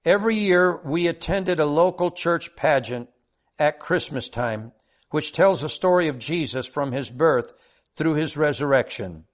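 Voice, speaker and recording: An older man with a notably high voice tells a heartfelt devotional story in an earnest, sincere way. He reads it at a steady pace with deep feeling. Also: measured pace. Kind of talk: devotional personal story reading.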